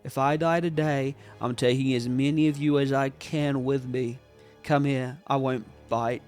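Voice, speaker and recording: A man's voice: mid-range voice, fairly even intonation, measured pace, a little mellow, soft background music, close to an everyday voice. A man voicing a proud, defiant king who gives solemn commands.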